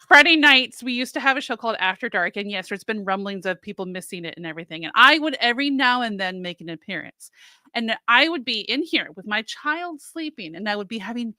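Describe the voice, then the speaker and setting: A woman's voice: on the high side, lively intonation, fairly quick, bright, forceful tone, dry recording. A woman co-hosting a podcast in casual chat, talkative and self-deprecating, laughing easily. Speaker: podcast co-host.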